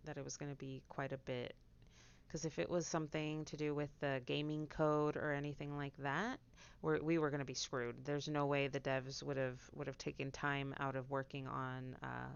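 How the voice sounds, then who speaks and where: A woman streaming as she paints a miniature, chatting casually with viewers and slipping into quiet whispers as she concentrates. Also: low-pitched, creaky, smooth, highs cut off. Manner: chatty, drifts into soft whispers while concentrating. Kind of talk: casual livestream chat while painting.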